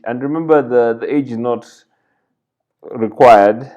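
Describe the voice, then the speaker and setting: The audio is dull, and the man speaks slowly in a mid-range voice with long pauses. He's a coding tutorial instructor at an indoor computer, voicing his thoughts as he types and often saying "right?" and "like this."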